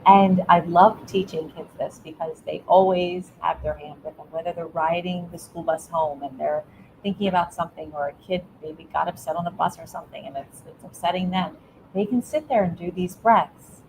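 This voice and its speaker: A middle-aged woman speaks in a fairly low voice, giving earnest advice to parents as an interview guest. She often stumbles and restarts mid-sentence, with a faint rumbling hiss beneath her. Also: moderate pace, low-quality recording. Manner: earnest, warm coaching tone with frequent restarts. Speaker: guest, educator.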